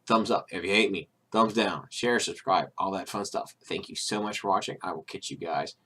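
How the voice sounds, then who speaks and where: A man's voice: deep voice, moderate pace, sharp tone. A man hosting his own video, talking casually and rambling through an opinion piece with restarts, fillers and irritated, sarcastic asides. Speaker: video host.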